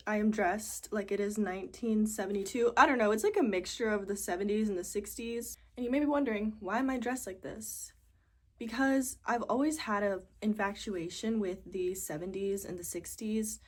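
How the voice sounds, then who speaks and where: A young woman chats through a casual question-and-answer vlog. She sounds giggly and expressive, her words trailing off with likes and ums as she answers each viewer question. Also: mid-range voice, moderate pace.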